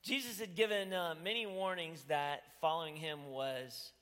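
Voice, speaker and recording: A man's voice: fairly high pitch, steady tone, normal speed, sharp tone. A man preaching a sermon as pastor, earnest and pleading, rising to emphatic bursts. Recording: reverberant church hall.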